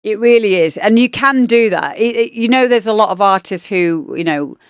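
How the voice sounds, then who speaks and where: A woman's voice: medium pitch, lively intonation, moderate pace, clean tone, no echo, studio quality. A woman DJ hosting a livestream, chatting casually and rambling with lots of fillers as she gives feedback on demos. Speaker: DJ and livestream host.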